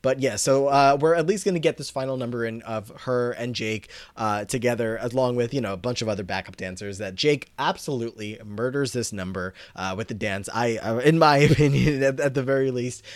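Podcast co-host, male, mid-pitched, loose rambling recap, dry close sound. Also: fairly quick, hardly any pauses, no room sound. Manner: rambling, filler-heavy recap with quoted lines. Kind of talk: casual episode recap.

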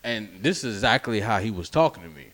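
A man's voice: on the low side, lively intonation, fast, fairly bright tone. A young adult man telling a story in casual chat, acting out other people's voices. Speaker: podcast co-host telling a story.

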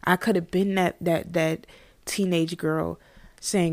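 A woman's voice: lowish voice, unhurried. A young woman telling a personal story in a casual, conversational way, acting out the voices of people she quotes. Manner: conversational, animated with quoted voices, frequent "you know what I mean". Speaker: podcast guest or host sharing a personal story.

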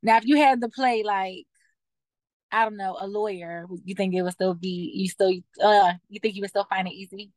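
A woman's voice: mid-range voice, fairly even intonation, a little mellow, no room sound. A young woman from West Philadelphia, a musician and actor, chatting as a guest in a friendly, talkative way. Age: young adult. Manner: friendly, chatty, quick to laugh along. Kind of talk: casual interview chat.

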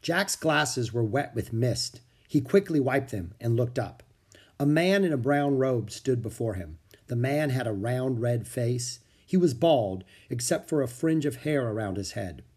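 A man reading a children's chapter book aloud, expressive and switching voices for each character. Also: medium pitch, a little slow, breathy edge. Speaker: audiobook narrator.

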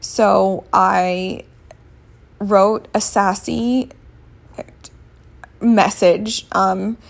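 A woman's voice: mid-range voice, steady tone, very slow, creaky. A woman in her thirties telling a story in a casual vlog, speaking candidly and bluntly and swearing freely, sitting up on a bed at home. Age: 30s.

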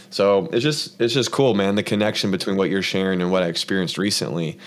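A man's voice: low-pitched, steady tone, quick pace, few pauses. A man hosting a casual faith-focused conversation, telling a long personal story in an earnest, rambling way with lots of fillers. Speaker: podcast host.

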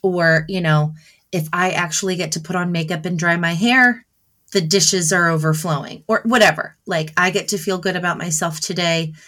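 A chatty woman from Southern New Jersey in her thirties, co-hosting a relaxed podcast chat about motherhood. Her voice sits low for a woman, and she often breaks into laughter while acting out what she says to her kids. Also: normal speed. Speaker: podcast co-host. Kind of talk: casual chat.

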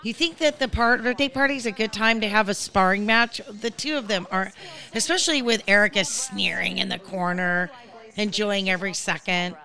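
A woman with a medium-pitched voice talks at a moderate pace over crowd noise. She's a podcast host giving a casual recap of a show, chatty and blunt, swearing freely and drifting off on tangents.

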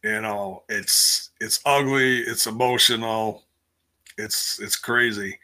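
A man's voice: fairly low pitch, fairly even intonation, slow, pushed and bright. A man hosting a casual live stream, rambling through a recap with lots of fillers and restarts while reading viewer comments. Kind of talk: casual chat.

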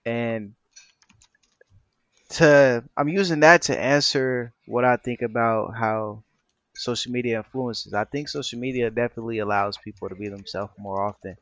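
A young man who is a podcast guest, telling stories in a relaxed, slangy way. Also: mid-range voice, normal speed, dry recording, dull audio. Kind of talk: casual podcast discussion.

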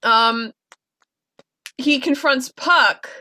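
A woman's voice: high voice, drawn-out words, sharp tone. A young woman co-hosting a podcast, recapping a TV episode with enthusiastic asides and lots of fillers. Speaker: podcast co-host. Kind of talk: casual chat recapping a TV episode.

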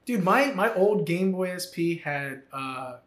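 A man's voice: high voice, lively intonation, unhurried, fairly bright tone. A young man co-hosting a podcast, telling rambling stories in a casual, filler-heavy way. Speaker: podcast co-host. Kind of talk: casual chat. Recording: echoey room.

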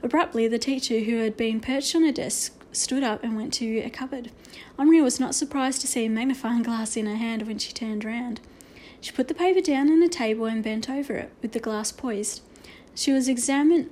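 Higher-voiced woman reading a storybook aloud. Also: mellow. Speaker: narrator.

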